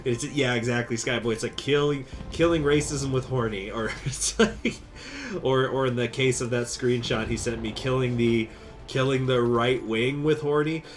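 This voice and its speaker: A man streaming a strategy game, chatting casually with viewers, rambling, laughing and jumping into high excited bursts. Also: normal speed, faint music behind. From United States. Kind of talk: casual game commentary with chat.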